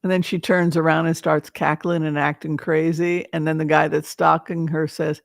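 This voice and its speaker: A woman's voice: low voice, level tone, moderate pace, vocal fry, no room sound, studio quality. A woman tarot reader talking in a casual, rambling, playful way, often breaking into laughter.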